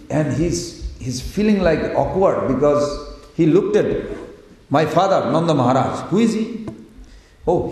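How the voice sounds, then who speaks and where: A man's voice: on the high side, dark tone. A man giving a devotional lecture, telling stories and voicing the people in them. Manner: storytelling, quotes figures in their voices; chants Sanskrit verses. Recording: echoey hall.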